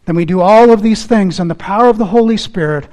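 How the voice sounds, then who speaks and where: A man's voice: sits high, quick pace, darkish tone. A man preaching a sermon in an earnest, emphatic manner, repeating key phrases, and closing in prayer. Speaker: pastor.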